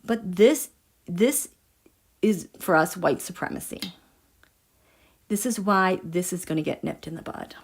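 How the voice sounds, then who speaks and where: A woman with a lowish, slightly rough voice speaks a little slowly and pauses often. She hosts a tarot and astrology livestream, chatting casually and emphatically with viewers and reading their comments aloud. Her manner is animated and emphatic, and she addresses her viewers directly.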